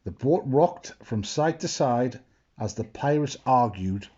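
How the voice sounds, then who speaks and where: A man slowly reading a children's picture book aloud, expressive and adding asides. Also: mid-range voice, muffled recording. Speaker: storyteller.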